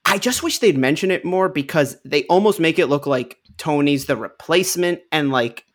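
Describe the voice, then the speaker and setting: A man from New York co-hosting a casual film chat podcast, quick and half-joking. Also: fairly high pitch, expressive. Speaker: podcast co-host. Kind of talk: casual chat about films.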